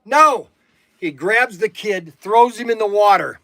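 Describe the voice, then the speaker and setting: High-voiced man rambling in folksy chat. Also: normal speed, dry recording. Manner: folksy storytelling with many fillers and restarts. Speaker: livestream host. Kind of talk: rambling casual livestream chat. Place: warehouse.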